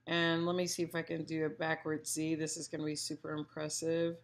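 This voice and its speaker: A woman's voice: low voice, monotone, brisk. A woman teaching a casual Spanish pronunciation lesson, chatty and playful, demonstrating sounds aloud and giving firm opinions.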